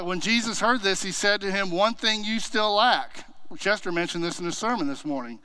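A man's voice: high voice, bright, forceful tone, clear, resonant tone, no echo. A man teaching a church Bible class in a conversational way, asking himself questions and retelling stories with animation.

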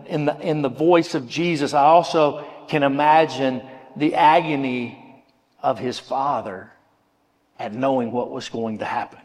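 A man's voice: a little high, in a large hall. A man preaching a sermon in an earnest way, often repeating words as he searches for the next one. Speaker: pastor.

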